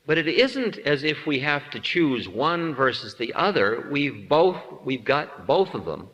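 Lively, bright-voiced man giving a spiritual talk. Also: medium pitch, unhurried, muffled recording. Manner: playful, acts out voices in anecdotes. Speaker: spiritual teacher. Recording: long hall reverb.

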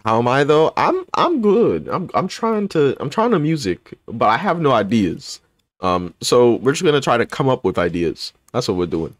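A man's voice: mid-range voice, sing-song, moderate pace, dry recording. A man chatting casually with viewers on his live stream, joking and swearing freely.

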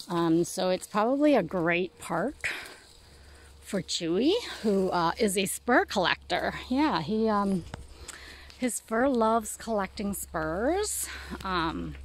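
A woman dog walker from Canada, chatting casually and a bit out of breath while hiking outdoors, rambling and joking about herself. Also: slight background noise. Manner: rambling, self-deprecating, praising dogs in a high sing-song voice. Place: outdoors in a park.

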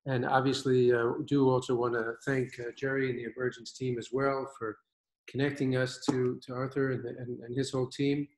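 A man's voice: medium pitch, flat delivery, normal speed, darkish tone, echoey room, low-quality recording. A man presenting his wine fund on a video call from his own winery, upbeat and confident. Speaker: fund managing partner presenting.

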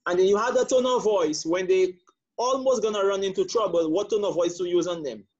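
A man's voice: high-pitched, brisk, darkish tone, dull audio, a little hiss or hum. A man leading a church training course over a call, asking questions and affirming answers with frequent murmurs.

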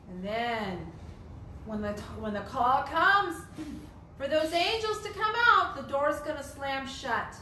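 A woman's voice: sits high, animated, unhurried, pushed and bright, slight background noise. A woman teaching a Bible study, emphatic and repetitive, asking rhetorical questions. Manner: emphatic, repeats phrases, asks rhetorical questions. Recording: echoey room.

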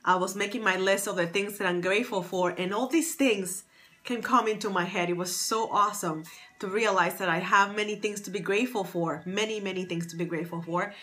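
A woman's voice: mid-range voice, fairly quick, a bit bright, faint music behind. A woman hosting a casual live stream from her phone, upbeat and chatty, greeting viewers by name. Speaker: livestream host, fashion stylist and confidence coach. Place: at home near Boston.

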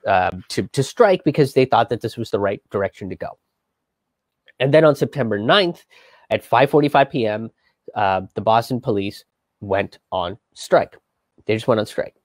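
A man's voice: mid-range voice, darkish tone, no room sound. A man hosting his own show, telling history in a loose, rambling way with lots of fillers and a wry, profane edge. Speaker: comedian and show host. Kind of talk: casual history commentary.

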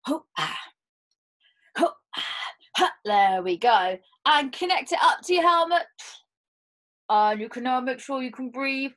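A woman storyteller leading children through playful movement games, with animated exclamations and gasps. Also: high-pitched, normal speed.

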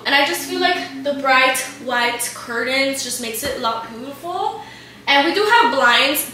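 A woman's voice: high voice, a bit bright, distant mic, a little hiss or hum. A young woman chatting casually to camera as she gives a tour of her home, gushing and saying "like" a lot. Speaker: vlogger giving a house tour. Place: living room of a home, indoors. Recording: echoey room, voice off-mic.

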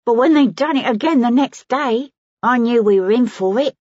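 A woman's voice: a little high, a little mellow, no echo, dull audio, voice pushed up, lightly acted. A woman narrator voicing a frightened, cheeky young street girl with brash slang, in an audiobook. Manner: brash, quick, working-class slang.

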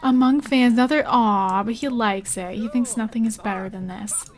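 A young woman hosts casual let's play commentary in a slightly high voice. She reacts with quick exclamations and talks straight to the characters on her screen, urging and comforting them as she plays. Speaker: gaming channel host.

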